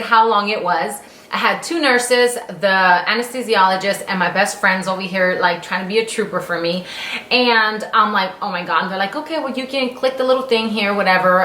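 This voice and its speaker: A woman's voice: mid-range voice, sharp tone, echoey room. A young adult woman vlogger telling a personal story in casual, candid speech, acting out her own exclamations and swearing freely.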